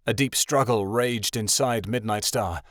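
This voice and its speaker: A man narrating a fantasy audiobook in an expressive reading style. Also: lowish voice, a little slow, no echo, studio quality.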